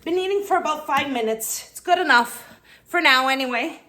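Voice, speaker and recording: Chatty high-voiced woman teaching cooking. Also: normal speed, pushed and bright, a little hiss or hum. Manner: chatty, talks viewers through each step. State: out of breath from kneading. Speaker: cooking channel host. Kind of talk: casual cooking demonstration.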